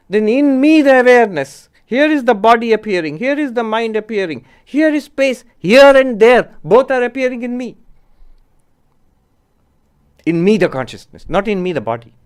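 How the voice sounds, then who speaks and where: Here the man, a monk who teaches spirituality, has a very high-pitched yet clean voice. His philosophy lecture stays measured, and he leans on rhetorical questions to stress each point for those listening.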